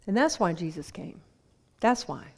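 A woman's voice: on the low side, sing-song, normal speed, creaky, darkish tone. A woman preaching a sermon in a conversational way, putting questions to the congregation.

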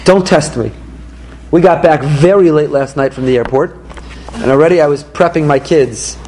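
Middle-aged man, rabbi teaching a class, fairly high voice, emphatic delivery, faint room noise. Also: normal speed, rough recording. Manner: animated, emphatic, jumps into high-pitched quoted voices. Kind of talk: Torah lesson to a live audience. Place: room with a small listening audience.

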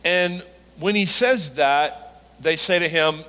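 Animated pastor preaching in a reverberant hall. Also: male voice, slow pace, clear, resonant tone. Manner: animated, rising into emphatic high pitch on quoted lines. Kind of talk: sermon.

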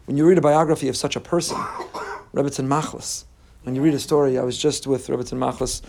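A man teaching a Torah lesson, earnest and repetitive, swinging between emphatic lists and quiet asides. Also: mid-range voice, steady tone, fairly quick, gravelly. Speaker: rabbi teaching a class.

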